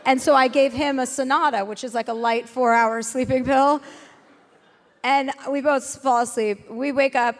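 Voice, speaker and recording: A woman telling a comic anecdote as an interview guest, animated and profane, laughing through the story. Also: sits high, moderate pace.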